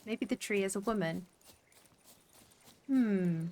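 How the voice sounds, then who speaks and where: A woman's voice: medium pitch, slow pace, warm tone. A young woman with a southern English accent, streaming a game and chatting to viewers, chatty and sweary with frequent laughs. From southern England. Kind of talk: casual gaming livestream chat.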